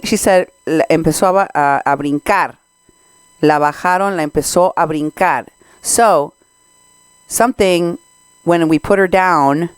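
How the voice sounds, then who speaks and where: A woman's voice: fairly low pitch, clear, resonant tone, dry recording. Sarcastic Mexican American woman, dry mic. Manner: indignant, sarcastic. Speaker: podcast host. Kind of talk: commentary on recorded clips.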